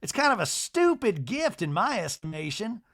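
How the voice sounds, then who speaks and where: A man voicing a genteel older Southern matriarch woman who is prim and easily offended, speaking slowly and sniffily. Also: sits high, sing-song, a bit bright, pitched above the performer's own voice, heavily acted.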